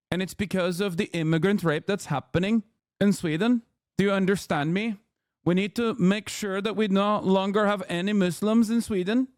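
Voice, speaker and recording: A man's voice: clear, resonant tone, dry recording, clean studio sound. A man putting on a mock Norwegian accent to play a smug, bigoted Scandinavian man. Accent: put-on Norwegian. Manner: mocking, preachy, rising shrill pitch.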